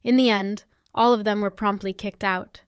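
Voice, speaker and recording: A woman's voice: medium pitch, steady tone, moderate pace, smooth, no room sound. A young adult woman narrating a first-person story in a sassy, confrontational manner.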